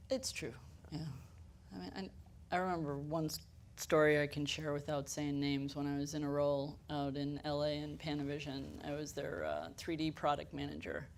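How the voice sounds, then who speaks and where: A woman who manages a camera rental house tells stories during a panel discussion, acting out quoted lines and laughing often. Her voice sits low with a darkish tone at normal speed, with slight background noise.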